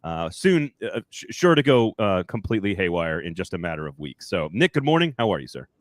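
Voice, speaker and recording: A man's voice: low-pitched, big pitch swings, a little fast, dry recording. A man hosting a sports podcast, casual and rambling, often correcting himself mid-sentence. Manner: chatty, rambling, self-correcting. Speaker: podcast host.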